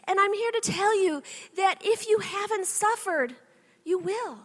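A woman in her thirties giving a faith-based motivational talk to an audience, telling animated personal stories and often checking in with "okay?". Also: very high voice, measured pace. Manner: animated storytelling with frequent "okay?" asides. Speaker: speaker addressing an audience.

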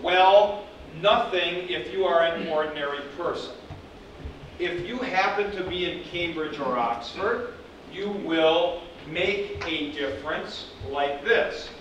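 A man's voice: a little high, takes it slowly. Man lecturing in an echoey classroom. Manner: conversational, digressive, repeats points with emphasis. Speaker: teacher. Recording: echoey classroom, speaker far from mic, background noise.

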